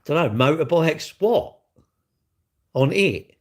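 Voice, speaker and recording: A man's voice: a little high, expressive, slow pace. Blunt rambling man. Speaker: live streamer answering chat. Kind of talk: casual live-stream chat.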